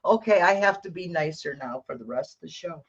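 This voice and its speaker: A woman's voice: deep voice, expressive, a little fast, slightly rough. A woman psychic hosting a tarot livestream, ranting bluntly and rambling with restarts. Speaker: psychic tarot reader, stream host. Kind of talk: casual livestream chat. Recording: dull lo-fi stream audio.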